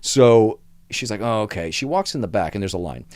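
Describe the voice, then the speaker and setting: A man's voice: lowish voice, normal speed, no room sound. A man hosting a podcast, telling workplace stories in casual chat and acting out the people in them. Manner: animated, acts out voices in his stories. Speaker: podcast host.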